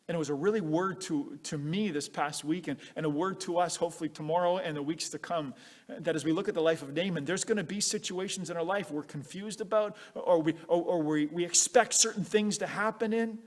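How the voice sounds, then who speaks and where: A man, a pastor, talks casually in a weekly video from inside a church, telling animated stories with frequent restarts. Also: high voice, fairly quick. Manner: animated storytelling with many restarts.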